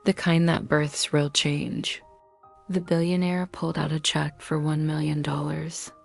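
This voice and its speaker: A woman's voice: low voice, level tone, unhurried, gravelly, faint music behind. A woman narrating a scripted dramatic story in punchy short sentences.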